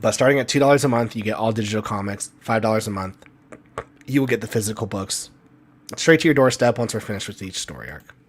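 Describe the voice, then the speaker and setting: A man, a comic artist hosting his own live stream, talking in a ranting, animated way and repeating himself, saying he feels sick. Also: lowish voice, quick pace. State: sick, tired. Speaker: comic artist and channel host.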